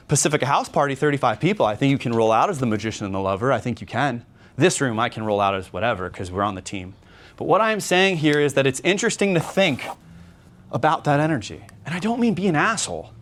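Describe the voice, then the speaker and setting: Energetic man giving a convention workshop. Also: medium pitch, fast talker. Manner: energetic, conversational, many "right?" tags. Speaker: magician giving a workshop talk. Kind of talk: convention workshop talk with demonstration. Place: convention lecture room.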